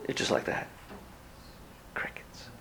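A male pastor telling a story in a sermon, acting out the people he quotes. His mid-range voice swings between loud bursts and hushed, almost whispered asides. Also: mid-range voice, moderate pace, slight background noise. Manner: animated, acts out quoted voices, drops to near whispers.

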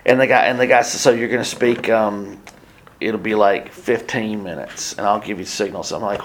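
A man's voice: fairly low pitch, steady tone, normal speed, a bit bright, slight background noise. A man preaching a sermon, telling a story with acted-out quotes and sudden drops to near whispers. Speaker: pastor.

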